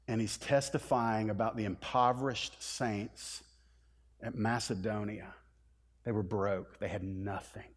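A man preaching a sermon as pastor, animated, dropping to a hush and then rising to loud, pleading lines. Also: on the low side. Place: church sanctuary.

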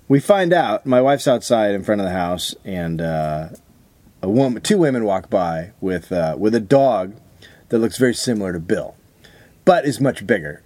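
Male podcast co-host, animated storyteller, drops into impressions, dry close sound. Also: no room sound. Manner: storytelling, mimics voices with big pitch jumps. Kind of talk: crude comedic banter.

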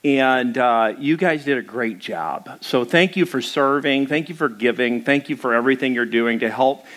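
A man's voice: mid-range voice, moderate pace, fairly bright tone. A man who is a pastor, telling stories in a casual, rambling sermon with many fillers. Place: church.

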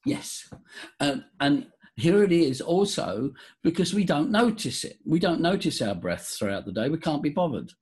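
A man talking as a voice coach guest in a podcast interview, leading a breathing exercise in a theatrical, animated way. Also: moderate pace. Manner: animated, theatrical, jumps high for emphasis.

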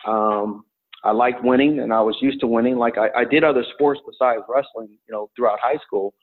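A middle-aged man, a former college wrestler and coach, tells stories in an interview in a relaxed, rambling way with many fillers. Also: mid-range voice, a little fast. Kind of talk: storytelling in an interview. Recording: tinny phone-like line.

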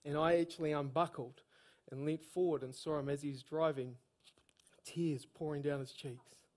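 A man with a New Zealand accent preaching a sermon, telling stories with energy and bursts of shouted emphasis. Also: a little high, fairly even intonation, normal speed.

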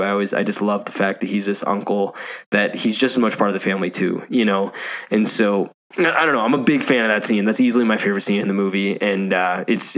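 A man with a fairly low voice co-hosting a casual podcast and leading the talk. He retells a film scene with energy, stopping to correct himself along the way. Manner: animated storytelling, self-correcting recaps. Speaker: podcast co-host. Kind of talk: casual movie discussion chat.

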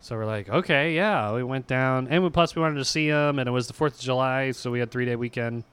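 A man's voice: mid-range voice, brisk, a bit bright, clear, resonant tone, no echo. A man co-hosting a podcast in casual chat, joking and playful. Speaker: podcast co-host.

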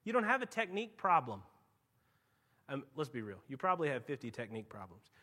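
A man preaching a sermon as pastor, telling stories and swinging from quiet asides to loud, emphatic peaks. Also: medium pitch, very animated, brisk. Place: church.

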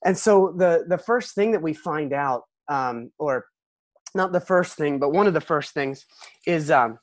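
A man's voice: a little high, animated, unhurried, no echo. A middle-aged man preaching a sermon in a conversational, storytelling way with self-deprecating humor. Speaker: pastor.

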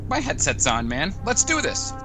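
A male podcast co-host with a somewhat high voice that leaps around. He plays everything big and goofy, as if every moment is a melodrama. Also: wildly swooping pitch, moderate pace, over music. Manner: goofy, over-the-top dramatic. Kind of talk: comedy skit banter.

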